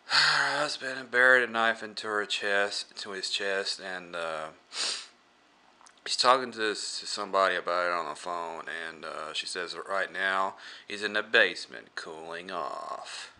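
Slow, rambling man reviewing a movie. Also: deep voice, pushed and bright. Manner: rambling, with many fillers and restarts.

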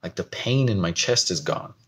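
A man's voice: deep voice, animated, moderate pace, fairly bright tone. A young man from the United States talking candidly to camera in a vlog, rambling and laughing at himself. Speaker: vlogger. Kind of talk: personal talk to camera.

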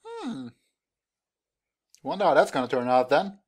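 A man's voice: a little high, huge pitch swings, a little slow. A young man in casual reaction commentary who laughs often and makes light teasing remarks. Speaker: anime reaction host.

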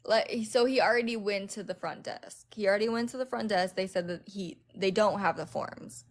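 A woman's voice: medium pitch, moderate pace. A woman hosting a casual livestream, giving directions and swearing freely. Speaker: livestream host.

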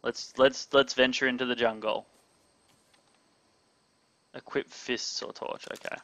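A young man giving live gameplay commentary, excitable, talking to his chat and yelping when startled. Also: medium pitch, measured pace, creaky. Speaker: gamer streaming live.

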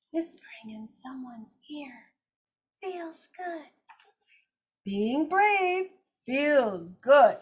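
An older woman teaching a children's circle time, reading picture books aloud in an animated, expressive, gentle way. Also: high-pitched, a little hiss or hum.

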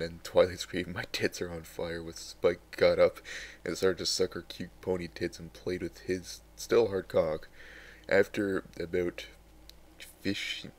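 Young male reader, very low voice, deadpan and exasperated asides. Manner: wry, exasperated asides between readings. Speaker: host reading fan fiction aloud. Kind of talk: casual dramatic reading.

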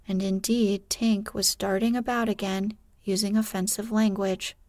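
A woman narrating a sleep story in a gentle, hushed, breathy reading. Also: mid-range voice, little pitch movement, unhurried, dry recording.

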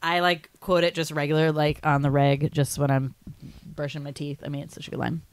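A young woman with a low-set voice chats on a podcast, recorded close and dry. She talks in an animated, loose way, laughing often and dropping "like" into nearly every sentence. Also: brisk, no room sound. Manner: animated, laughing, heavy use of "like". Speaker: podcast co-host. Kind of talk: casual chat.

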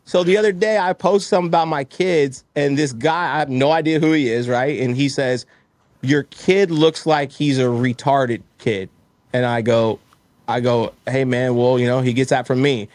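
A man on a casual podcast, telling animated stories and acting out little exchanges in quoted voices. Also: medium pitch, fairly quick, dry recording. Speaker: guest, roofing company owner.

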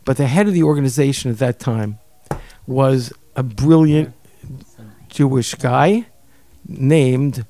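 An older man from New York telling a personal story in an interview, lively and acting out the people he quotes. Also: medium pitch, takes it slowly, dry recording. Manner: animated, acts out quoted voices, repeats words. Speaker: guest storyteller.

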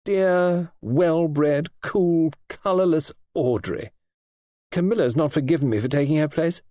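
A man's voice: on the high side, animated, normal speed, a little mellow, no room sound, studio quality, pitched above the performer's own voice. A man reading an audiobook and voicing a petulant, spoiled young wife in a coaxing, sulky, lightly raised voice. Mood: resentful.

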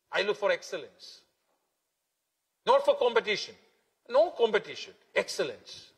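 Long hall reverb surrounds this man's sermon in a church hall, where he preaches as pastor. His voice sits high with a fairly bright tone, and he repeats himself emphatically, stretching important words.

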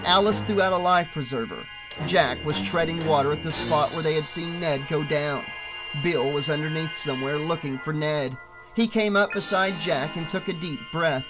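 A man narrating an audiobook with a steady, expressive reading. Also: a little high, moderate pace, over music.

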